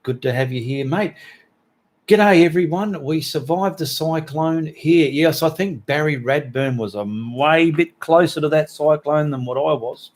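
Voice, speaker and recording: A man's voice: a little high, unhurried. A middle-aged Australian man hosting a live stream, reading out viewers' chat messages in a chatty, joking way full of Aussie slang.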